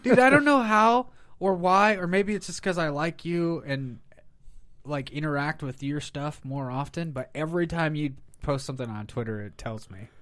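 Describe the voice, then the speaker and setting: A man's voice: fairly high pitch, normal speed, fairly bright tone. A man in a casual podcast chat who is blunt and teasing and swears freely.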